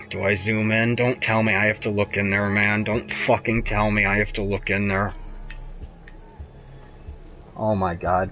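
Young male gamer, slow nervous delivery, profane and jumpy; faint music under him. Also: fairly low pitch, bright, forceful tone. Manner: profane, jumpy, muttering and yelping with fear. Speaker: gamer streaming a horror game. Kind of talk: frightened live gameplay commentary.

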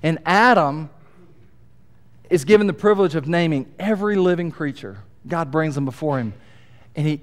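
A middle-aged male pastor preaching a sermon in an animated, joking way, swinging between quiet asides and booming emphasis. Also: clean tone.

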